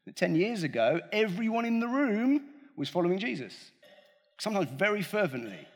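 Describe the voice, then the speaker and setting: A male preacher giving a chatty, humorous sermon with a slightly husky voice that swings widely in pitch. He speaks from a large hall, and a long reverb trails his words. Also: big pitch swings, moderate pace. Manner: conversational, joking, addresses the congregation directly.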